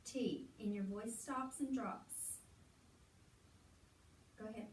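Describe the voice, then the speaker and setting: A woman's voice: a little high, slow pace. A woman teacher running a reading lesson in a classroom, patiently prompting students to finish her sentences. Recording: echoey classroom, far from mic, faint noise.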